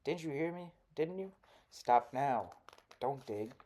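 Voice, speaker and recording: A man voicing a shrill, raging older woman who scolds children in loud, sharply enunciated bursts. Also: steady tone, measured pace, slight background noise, close to an everyday voice. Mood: shrieking.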